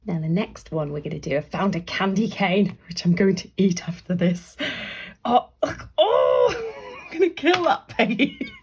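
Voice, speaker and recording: A woman talks children through a drawing craft in a chatty, encouraging way. Her voice has a gravelly edge and a lively, bouncing pitch. Now and then she slips into a soft whisper. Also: moderate pace. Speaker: library staff member leading a craft activity.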